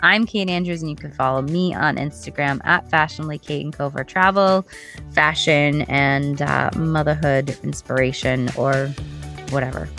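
A woman's voice: deep voice, steady tone, moderate pace, a bit bright, soft background music. A woman co-hosting a podcast in casual chat, talking in a chatty, rambling way with many restarts. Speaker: podcast co-host.

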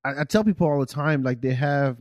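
A man's voice: mid-range voice, fairly quick, darkish tone, no echo, lo-fi sound. A man from France hosting a podcast, chatting casually with laid-back, teasing banter. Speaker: podcast host.

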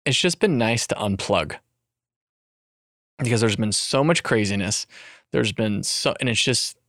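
A young man rambles through a casual podcast chat, full of fillers and lively swings in pitch. The recording is dry and close. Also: a little slow, no room sound. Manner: rambling, animated, with frequent fillers.

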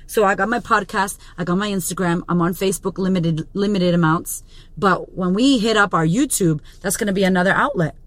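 Speaking fairly quickly into a studio podcast mic, a woman in her thirties with a medium-pitched voice gives a blunt, profane motivational monologue. She's a business coach and podcast host, and she leans hard on her emphasis. The recording is dry.

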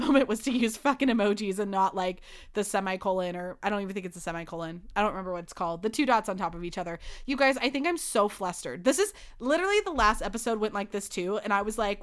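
A woman's voice: mid-range voice, lively intonation, fast talker, a bit bright, clear, resonant tone. A young woman hosting her own podcast, chatting on her own in a rambling, flustered way with lots of "like.". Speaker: podcast host. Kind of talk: solo podcast chat.

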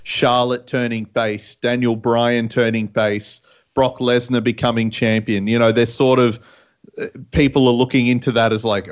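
Man, radio co-host, relaxed, laughs while he talks, average pitch, a little muffled. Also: normal speed. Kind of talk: casual radio chat. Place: radio studio.

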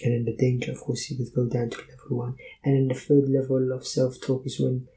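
A man giving an Islamic motivational talk, explaining ideas in measured steps and telling personal stories. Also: medium pitch, monotone, dark tone, low-quality recording. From Somalia. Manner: measured, lists points in sequence. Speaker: motivational speaker. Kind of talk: Islamic self-help talk.

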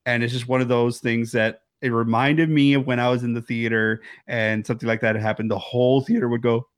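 Male podcast co-host, medium pitch, dry close sound, animated and restless delivery. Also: fairly quick, dry recording. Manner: animated, acts out characters' lines, many restarts. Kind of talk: casual film discussion.

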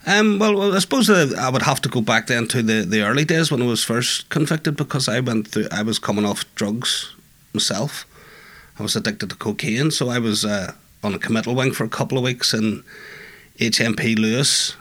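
A middle-aged man, a former prisoner, speaking in a halting conversational interview full of restarts and asides. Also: mid-range voice, fairly bright tone. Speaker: former prisoner and peer listener.

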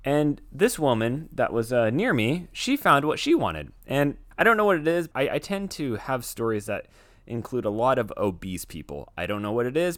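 A man co-hosting a podcast, telling long comic stories in a relaxed, laid-back way. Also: mid-range voice, dry recording, studio quality. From United States. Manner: laid-back storyteller, drawn-out comic anecdotes. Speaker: podcast co-host. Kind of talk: casual podcast chat.

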